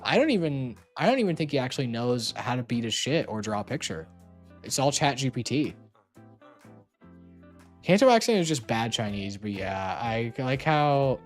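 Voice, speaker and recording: A young adult streamer chatting casually, teasing, laughing often and swearing freely. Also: mid-range voice.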